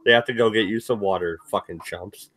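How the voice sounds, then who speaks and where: Joking cussing guest dude, dry close mic. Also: male voice, lowish voice, fairly quick, fairly bright tone, no room sound. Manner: wry, joking, profane. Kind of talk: casual chat.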